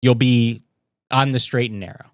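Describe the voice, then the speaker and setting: Man, livestream host, sarcastic commentary, dry close sound, mid-pitched voice. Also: fairly even intonation, normal speed, no echo. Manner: sarcastic, mocking, reads posts aloud with commentary. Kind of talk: casual political commentary.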